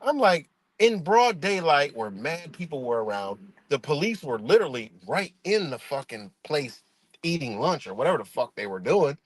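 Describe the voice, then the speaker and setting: A middle-aged man from Rochester, New York, talking in a casual, profane, rambling livestream monologue and telling an animated story. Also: a little high, normal speed, dry recording. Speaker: live stream host.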